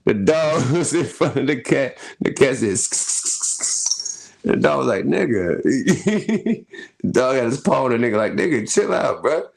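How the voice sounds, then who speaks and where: A man's voice: mid-range voice, expressive, a little slow, gravelly, darkish tone. A middle-aged man hosting a casual commentary show, riffing loosely with slang and frequent laughs. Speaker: host.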